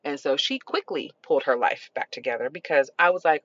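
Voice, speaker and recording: A middle-aged woman hosting a parenting podcast, telling stories in a casual, animated way with frequent laughter. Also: very deep voice, a little fast, no echo, muffled recording. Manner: animated, expressive, laughs often. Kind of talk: casual storytelling.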